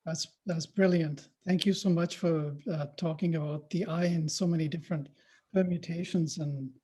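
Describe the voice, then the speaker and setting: A man emceeing a poetry reading, moderating the talk with measured, unhurried phrasing. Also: on the high side, steady tone, warm tone, slightly rough. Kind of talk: moderating a panel conversation.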